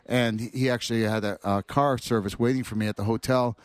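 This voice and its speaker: A man, a former player, telling animated anecdotes as a guest. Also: mid-range voice, a little fast, dry recording. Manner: animated storyteller acting out quotes. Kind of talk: anecdotal storytelling.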